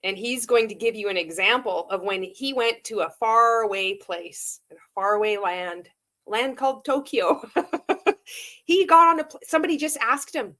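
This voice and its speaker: A woman's voice: fairly high pitch, a bit bright. A woman giving sarcastic reaction commentary on a video clip. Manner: sarcastic, laughing, profane. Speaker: commentary vlogger.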